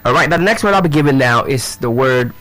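Leading a live pronunciation drill for teachers, a man spells words out letter by letter in a drawn-out, instructive style. He addresses the audience directly with rhetorical questions, many fillers and repeats, in a medium-pitched, expressive, bright and forceful voice with no echo.

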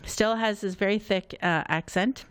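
Upbeat woman dj rambling on air at a studio mic, middle-pitched voice. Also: moderate pace, fairly bright tone, clear, resonant tone. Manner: chatty and upbeat, loosely rambling. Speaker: community radio host. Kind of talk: casual live radio announcing. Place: radio studio.

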